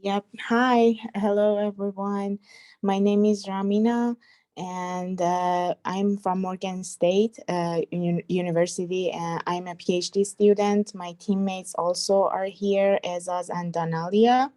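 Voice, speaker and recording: A young woman speaks on a video call, introducing her team's project. Her pace is very slow and her voice is warm and mellow, and she pauses hesitantly often. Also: medium pitch, fairly even intonation. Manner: hesitant, many fillers. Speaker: PhD student presenter. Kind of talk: casual introduction.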